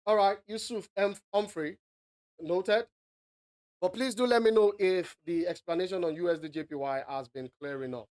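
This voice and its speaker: A man's voice: high voice, normal speed, darkish tone. A man from Africa giving live forex market analysis on a stream, teasing his viewers and checking in often. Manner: playful and teasing, peppers speech with "all right".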